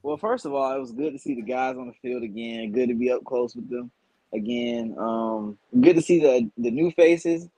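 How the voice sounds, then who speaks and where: Dry-sounding man, measured guest analyst. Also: mid-range voice, dark tone, no echo, poor audio. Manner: measured, thoughtful breakdown with "um" pauses. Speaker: guest podcaster. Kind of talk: casual football analysis.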